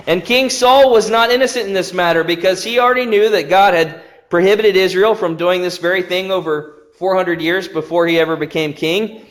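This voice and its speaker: High-voiced man preaching a sermon. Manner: earnest, emphatic teaching. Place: church.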